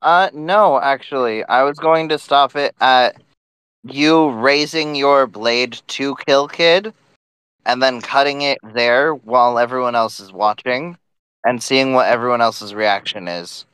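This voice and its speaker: A calm man running a tabletop game as game master. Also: mid-range voice, measured pace, clear, resonant tone, no echo, low-quality recording.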